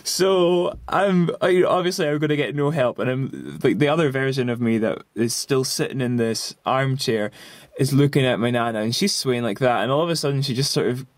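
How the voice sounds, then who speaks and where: A man's voice: medium pitch, brisk, no room sound. A man in his twenties casually recounting a story in a rambling way, full of fillers and restarts. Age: 20s. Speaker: vlogger.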